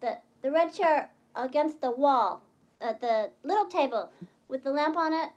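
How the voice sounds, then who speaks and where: A fussy, childlike-voiced small-town receptionist, piling up needless details as she speaks. Her voice sits high and girlish. It comes through a muffled, lo-fi TV clip. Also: lively intonation, normal speed, a little mellow. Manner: over-explains fussily. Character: quirky breathless small-town receptionist woman. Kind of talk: TV drama acting. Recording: dull lo-fi TV clip.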